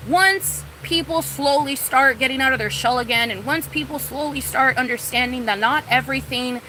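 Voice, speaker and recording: A woman's voice: high voice, normal speed, sharp tone, slight background noise, low-quality recording. A young woman streaming live, ranting casually and profanely with lots of "like" and "you know what I mean.". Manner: profane, rambling, lots of fillers.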